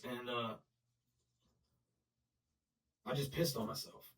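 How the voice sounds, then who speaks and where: A man telling his own story in blunt, profane, halting talk full of restarts and fillers. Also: medium pitch, fairly even intonation, fairly bright tone, far from the mic, low-quality recording. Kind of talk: unscripted personal storytelling.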